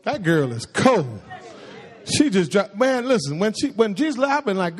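A man preaching with a lot of life in his voice, his pitch climbing and dropping as he talks to the congregation. He sits fairly high for a man, and he teases his listeners and jumps up even higher when he acts out what people say. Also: moderate pace. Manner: animated, conversational preaching with playful asides. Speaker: pastor. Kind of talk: sermon.

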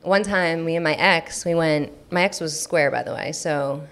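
A woman's voice: sits low, moderate pace. A young woman casually telling a candid party story, rambling and swearing freely. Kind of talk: casual chat.

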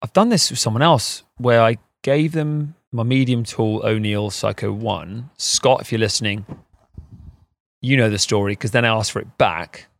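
A man hosting a podcast in casual chat, rambling and animated and laughing often, recorded outdoors in a garden. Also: on the low side, normal speed, dry recording. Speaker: podcast host.

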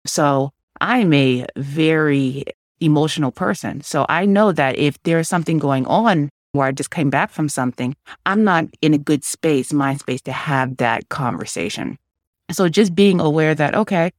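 A woman's voice: low voice, dry recording, clean studio sound. A woman co-host speaking thoughtfully about emotions and communication, reflecting on her own experience. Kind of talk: reflective advice talk.

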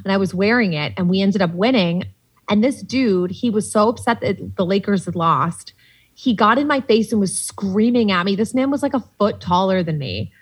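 A woman from Boston telling animated, profanity-laced stories as a podcast guest, with lots of "like" fillers. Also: mid-range voice, normal speed, slightly rough. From Boston, USA. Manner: animated, swears freely, many "like" fillers. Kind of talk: casual storytelling chat.

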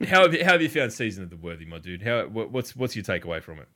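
A man's voice: fairly low pitch, very animated, rapid-fire, pushed and bright. An Australian man hosting a gaming chat stream, laid-back and swearing freely, laughing often. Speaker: stream host.

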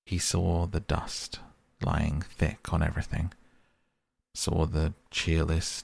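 A man narrating a classic children's story in a measured, expressive audiobook reading. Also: a bass voice, creaky, breathy edge, dry recording.

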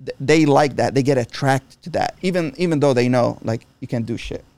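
Man, middle-aged, blunt, swears freely, mid pitch, close dry sound. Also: fairly quick, a little mellow, dry recording. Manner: blunt and profane, frequent restarts. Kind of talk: casual chat.

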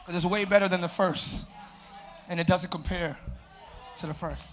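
A man preaching a live sermon as pastor, shouting and calling out to his congregation. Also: sits high, steady tone, moderate pace, faint music behind. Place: church sanctuary.

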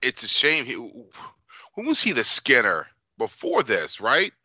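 A man's voice: medium pitch, wildly swooping pitch, slow pace, pushed and bright, no echo, lo-fi sound. A man co-hosting a podcast, talking bluntly with plenty of swearing. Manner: blunt and profane. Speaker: podcast co-host. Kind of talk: casual chat.

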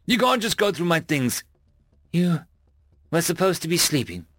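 A man's voice: on the high side, big pitch swings, moderate pace, a bit bright, no room sound, pitched above the performer's own voice. A man voicing a tired, irritable human ambassador who speaks sternly and bluntly.

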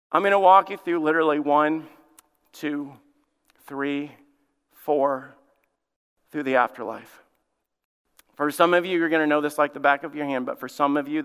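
A male lead pastor preaching a sermon, emphatic, with dramatic pauses and repetition. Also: a little high, pushed and bright, clear, resonant tone, long reverb tail. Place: church sanctuary.

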